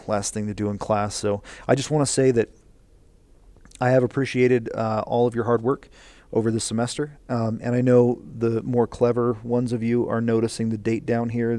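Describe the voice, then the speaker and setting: Male teacher, low gravelly voice, earnest and rambling, recorded instruction video. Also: dark tone, dry recording. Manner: rambling, filler-heavy, earnest and encouraging.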